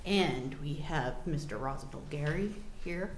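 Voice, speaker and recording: A woman chairing a town board meeting, moving briskly through the agenda with light jokes. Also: low-pitched, expressive. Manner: brisk, procedural, lightly joking. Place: town office meeting room. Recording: echoey room, faint hum.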